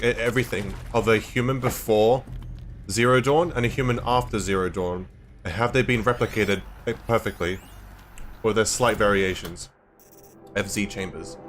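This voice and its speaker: An Australian man chatting casually on a live game stream, rambling and halting and breaking into giggles. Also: medium pitch, fairly bright tone. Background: game music.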